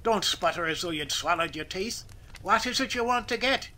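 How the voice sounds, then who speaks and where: A man voicing an impatient, gruff railroad master mechanic who snaps and growls. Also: sits high, expressive, normal speed, pushed and bright, slight background noise, pitched above the performer's own voice. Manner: snapping, growling.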